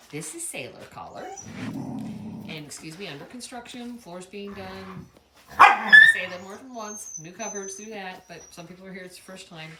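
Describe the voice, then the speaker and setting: A woman's voice: mid-range voice, roomy sound, noisy background. A woman breeder talking casually over videos of her dogs, chatty and cooing at the puppies. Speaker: dog breeder. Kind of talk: casual narration over home dog videos. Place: home kitchen under construction.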